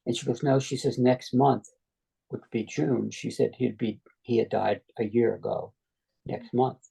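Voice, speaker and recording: Interview guest, middle-aged male, gravelly and husky, dark tone, chatty storyteller who quotes others. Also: mid-range voice, fairly even intonation, moderate pace, rough recording. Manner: retells dialogue at length, quoting others. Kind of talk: conversational storytelling.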